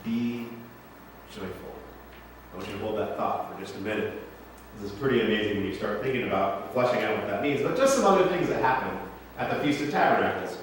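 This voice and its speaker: Fast-talking and expressive, a man with a voice on the low side preaches in a church sanctuary. His sermon is casual and jokey, with plenty of questions aimed at the congregation. It's recorded from far off in the echoey hall, with slight background noise.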